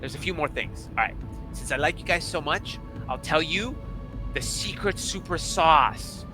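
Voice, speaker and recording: A man's voice: fairly high pitch, moderate pace. Man narrating a tabletop game over music. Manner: rambling, lively, restarting phrases. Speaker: game master.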